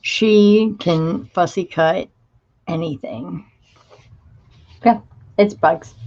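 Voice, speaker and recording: A woman's voice: on the low side, drawn-out words, a little mellow, muffled recording. A woman hosting a crafting livestream, chatting casually and gushing as she greets viewers by name and shows craft supplies. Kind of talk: casual live chat while showing craft supplies.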